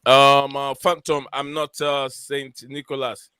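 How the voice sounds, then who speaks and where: Bright, crisp-voiced male stream host. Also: medium pitch, level tone, slow, no echo. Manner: hesitant, many fillers, reads chat names. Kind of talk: casual live-stream chat.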